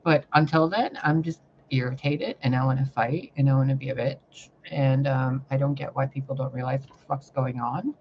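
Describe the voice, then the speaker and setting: A woman vlogging a rambling, profane spiritual rant that swings between loud outbursts and hushed muttering. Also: extremely low pitch, steady tone, moderate pace, few pauses, lo-fi sound, slight background noise. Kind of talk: ranting spiritual vlog monologue.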